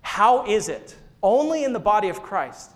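Preaching in the church sanctuary, this senior associate pastor, a man in his thirties, spins a story and playfully jokes and laughs along with his congregation. He has a high, sing-song voice and speaks at normal speed.

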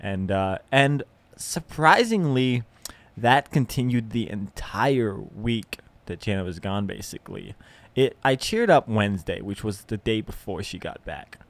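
A man's voice: on the low side, expressive, unhurried, no room sound. Rambling young man with a dry podcast voice. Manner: rambling, self-deprecating, lots of fillers and restarts. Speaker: podcast host. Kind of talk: casual solo podcast chat.

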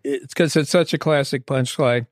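A man's voice: medium pitch, normal speed, no room sound, studio quality. A man on a podcast, telling a self-deprecating story about his own early comic strip. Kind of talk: casual podcast discussion.

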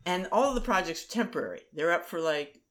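A woman's voice: fairly low pitch, lively intonation, fast, fairly bright tone. A middle-aged woman in casual conversation, rambling with many fillers and restarts.

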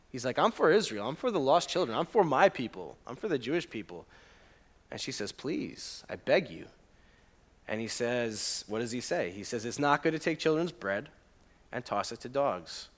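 A man's voice: medium pitch, fairly bright tone. A young man preaching a conversational sermon, often asking the congregation questions and reading scripture aloud with feeling. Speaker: pastor.

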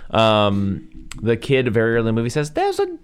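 A man with a fairly low voice talks through films in a casual podcast. He rambles and drifts into side notes, with frequent fillers. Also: a little fast, clear, resonant tone. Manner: rambling, full of fillers and asides. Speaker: podcast co-host. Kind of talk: casual movie review chat.

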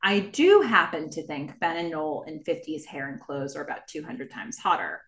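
A woman's voice: sits low, animated, moderate pace, fairly bright tone. A woman co-hosting a podcast in casual chat, reading listener emails aloud and laughing often. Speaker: podcast co-host.

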